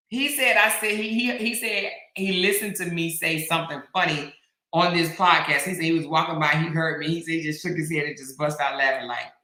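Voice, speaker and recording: A woman hosts a loose livestream chat, reading out comments and breaking into laughter. Her voice is bright and animated. The room around her has a roomy echo. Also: deep voice. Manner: animated, laughs often, drawling exclamations. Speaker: talk show host. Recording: echoey room.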